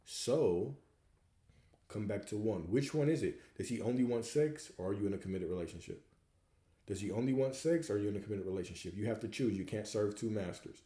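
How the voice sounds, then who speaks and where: A man's voice: lowish voice, brisk, mellow, reverberant. A man hosting a livestream Q&A, coaching viewers and hammering points home with repeated rhetorical questions. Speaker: host answering viewer questions.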